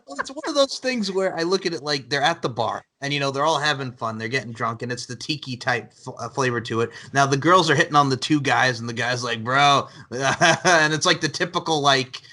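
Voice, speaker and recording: A man's voice: medium pitch, animated, a little fast, hardly any pauses, pushed and bright. A man hosting a podcast in casual chat, rambling with lots of likes and laughing often. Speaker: podcast host.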